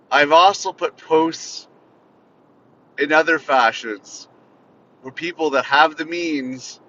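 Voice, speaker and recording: A man hosting a podcast from inside a car, bitterly venting in an unscripted, profane solo rant. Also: pushed and bright. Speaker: podcast host. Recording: slightly muffled, faint vehicle rumble.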